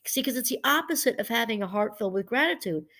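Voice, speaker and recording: A woman's voice: on the high side, lively intonation, fast talker, a bit bright. Chatty, digressive woman professor talking casually. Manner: chatty and digressive, with frequent restarts. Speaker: professor and podcast host. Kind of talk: casual teaching monologue.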